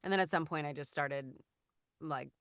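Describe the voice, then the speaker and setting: A woman's voice: low-pitched, moderate pace, fairly bright tone, dry recording, clean studio sound. A woman in her thirties, a voice actor, chatting casually in an interview with many fillers and restarts. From Los Angeles. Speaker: voice actor guest.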